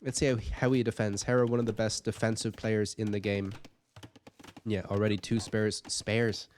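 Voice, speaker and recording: A man's voice: on the low side, level tone, moderate pace, a little mellow, a little hiss or hum. A man giving casual commentary on a strategy game match, chatty and thinking aloud with light jokes. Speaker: game caster.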